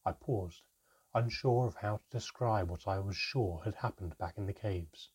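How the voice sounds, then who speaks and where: A man reading a first-person fantasy story aloud in an expressive storytelling manner. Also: fairly low pitch, moderate pace, slightly rough. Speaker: audiobook narrator.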